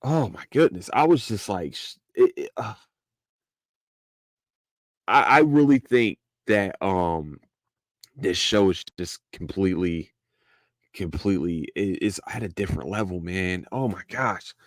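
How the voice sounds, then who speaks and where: A man hosting a casual podcast, rambling excitedly about an anime he loves, swearing freely and tripping over repeated words. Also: low voice, unhurried, long pauses, no echo, studio quality. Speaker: podcast host. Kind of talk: casual solo anime review.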